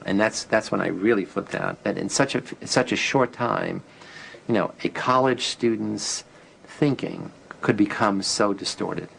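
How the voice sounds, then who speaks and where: Older man, very gravelly voice, low pitch, reflective interview recollection. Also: fairly bright tone, slight background noise, rough recording. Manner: reflective, halting with fillers. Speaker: researcher recalling an experiment he ran.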